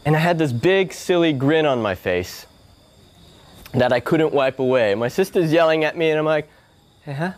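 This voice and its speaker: Man, spiritual speaker, fairly high voice, storytelling, acts out voices. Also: moderate pace. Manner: animated, acts out family voices. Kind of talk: personal storytelling talk. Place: yoga hall.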